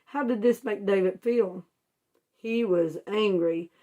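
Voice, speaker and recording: A woman's voice: medium pitch, slow pace, warm tone, dull audio. Woman teaching kids a Bible story. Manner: asks the children questions and answers them herself; homespun, informal phrasing.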